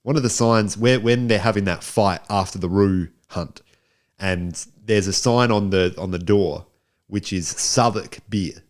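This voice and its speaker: A man's voice: on the low side, measured pace. An Australian man co-hosting a film review podcast in casual chat, often repeating and restarting his words.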